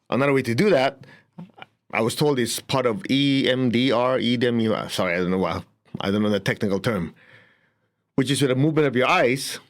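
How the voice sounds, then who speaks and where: A man giving a spiritual teaching talk in a middle-pitched voice. He tells stories in an animated way, chuckles often and slips into the voices of the people he quotes. His pitch stays in a typical male range.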